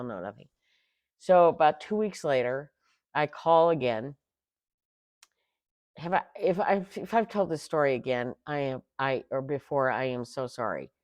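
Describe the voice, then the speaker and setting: A woman's voice: low-pitched, dry recording. Exasperated woman ranting, dry close sound. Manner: exasperated, animated storytelling with sarcastic asides. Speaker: tarot channel host. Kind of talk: casual rant.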